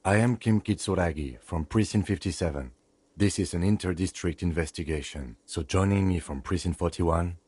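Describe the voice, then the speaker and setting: An actor playing a calm, precise police lieutenant who speaks in a measured, formal way, with a low, slightly husky voice. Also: male voice, no room sound. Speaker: detective partner.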